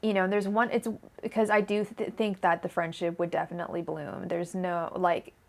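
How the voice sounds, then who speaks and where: A woman's voice: on the low side, flat delivery, normal speed, creaky. A young woman giving a live-streamed tarot reading, rambling and emotional, with many fillers and restarts. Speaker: tarot reader.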